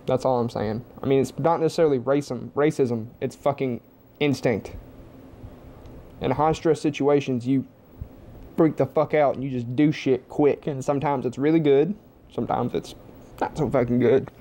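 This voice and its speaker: A man's voice: medium pitch, fairly even intonation, moderate pace, dark tone. A young man at home giving a blunt, heavily profane opinion monologue to camera. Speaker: vlogger.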